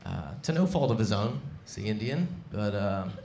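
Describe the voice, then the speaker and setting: Deadpan male stand-up in an echoey club. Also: lowish voice, moderate pace, gravelly, noisy background. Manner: deadpan, wry, conversational. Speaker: stand-up comedian. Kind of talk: live stand-up set. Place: comedy club stage. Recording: echoey club with loud crowd.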